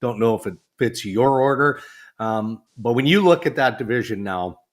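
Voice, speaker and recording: A man's voice: medium pitch, normal speed. A man with a plain mid-range voice co-hosts a sports podcast and steers the talk from one topic to the next. His delivery is casual and easygoing, and he chuckles often. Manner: steers the conversation, chuckles easily. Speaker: podcast co-host and hockey insider.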